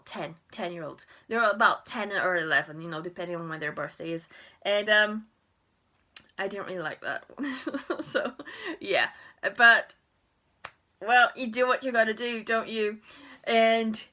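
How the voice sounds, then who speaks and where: A young woman and primary school teacher, talking casually to camera in a chatty, expressive way and laughing often. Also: medium pitch.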